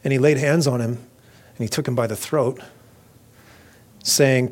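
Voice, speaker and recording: Guy preaching real casual, animated, retelling the bible story and acting out the voices, middle pitch. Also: a little slow. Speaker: pastor. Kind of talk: conversational sermon.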